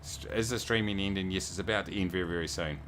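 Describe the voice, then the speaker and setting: Low-voiced New man chatting on stream. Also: fast, a bit bright, a little hiss or hum. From New Zealand. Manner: chatty, reads viewer messages aloud and thanks them. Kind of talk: casual livestream chat.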